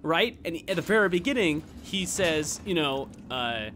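A man's voice: on the high side, moderate pace, few pauses, noisy background. A man casually commenting on his gameplay, chatty and joking, often laughing. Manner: chatty, laughing, playful jokes. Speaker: let's play host.

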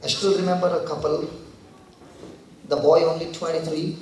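A man preaches with slow, weighty pauses, his voice a little high for a man. He sounds far from the mic in a big, echoing hall, with faint room noise behind him. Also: flat delivery, a little mellow. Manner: slow, dramatic delivery with long pauses. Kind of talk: sermon with acted quotes.

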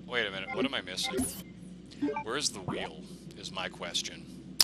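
A man's voice: low-pitched, measured pace, rough recording. A man commentating his own video game play, swearing and ranting in frustration at the enemies. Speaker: let's play gamer. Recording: game music clearly behind the voice. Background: game music.

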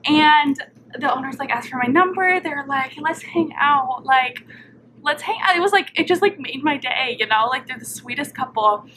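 A woman's voice: high voice, animated, normal speed, noisy background. A young woman chatting casually to her camera at home, rambling with lots of fillers. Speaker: vlogger. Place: apartment, indoors.

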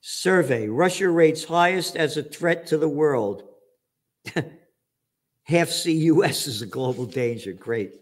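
Speaking slowly in an expressive, somewhat high voice, this show host and trends forecaster delivers ranting commentary on the news. He reads a headline, then mocks it with sarcastic, profane shouting.

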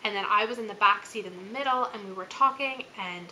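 Bright chatty woman telling a story. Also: mid-range voice, a little fast, a little hiss or hum, poor audio. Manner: chatty, filler-heavy, laughs as she talks. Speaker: channel host. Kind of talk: casual storytelling vlog.

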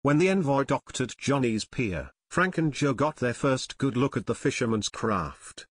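Male audiobook narrator, measured and steady, mid-range voice, dead-dry close mic. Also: mid-range voice, slightly rough, no room sound. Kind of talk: scripted narration.

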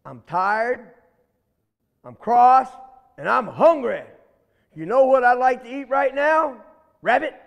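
A man's voice: high-pitched, very animated, moderate pace, creaky, big-room sound, highs cut off, heavily acted. A man growling as a vain bully alligator. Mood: grumpy. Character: vain bullying male alligator, big and cross.

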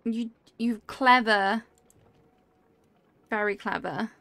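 Chatty woman streamer with gravelly fry. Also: fairly high pitch, slow, sharp tone, no room sound. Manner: chatty, reacts aloud to the game and reads chat. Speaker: game streamer. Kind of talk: casual live-stream chat while playing.

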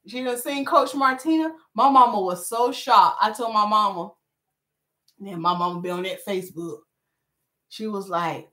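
A hair stylist chats on a live stream at normal speed in a medium-pitched voice as she works. Animated and chatty, she reads comments aloud and trades jokes with her viewers.

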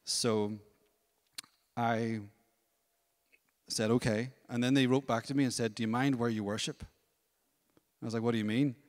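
A man giving a testimony at a church service, telling his story in a lively way and acting out other people's voices. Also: medium pitch, moderate pace, long pauses, big-room sound. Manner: storytelling, animated, acts out voices. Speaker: worship leader. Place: church hall.

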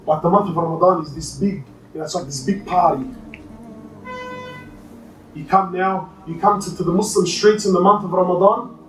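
A man preaching with passion in a roomy mosque hall. He swings between rising pleas and low, casual asides. He is heard from a distance over a faint hum. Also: steady tone, moderate pace, long pauses. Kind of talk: sermon.

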